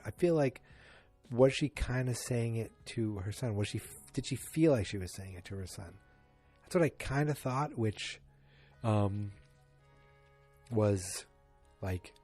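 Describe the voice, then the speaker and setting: Man, podcast host, solo recap, rambling with lots of fillers, mellow husky voice, faint music. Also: on the low side. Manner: rambling, filler-heavy retelling. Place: home, alone.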